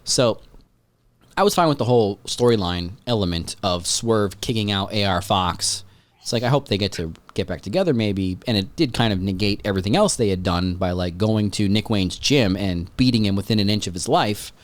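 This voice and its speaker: A man hosting a podcast in casual chat, rambling and excitable, swearing freely. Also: on the low side, a little fast, no echo. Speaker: podcast host.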